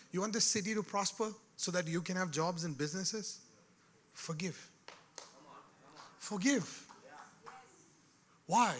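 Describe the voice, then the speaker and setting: A man preaching a sermon, dropping to a hush and rising to shouts, calling out to his listeners. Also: a little high, slight background noise. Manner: swings from hushed to shouted, calls out to the crowd.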